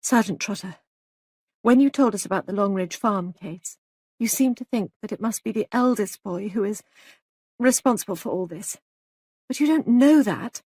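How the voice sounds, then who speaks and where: A woman voicing an anxious young wife who pleads urgently and raises her pitch. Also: expressive, moderate pace, a little mellow, breathy edge, no room sound, studio quality.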